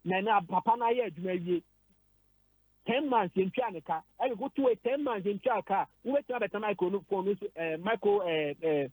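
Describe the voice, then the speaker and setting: A Ghanaian man speaks on a sports radio program in a dry studio. His husky voice sits high for a man. He stumbles, repeats himself and mixes Twi with English. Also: expressive, a little fast, a little mellow, no room sound, poor audio. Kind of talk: emotional radio sports discussion.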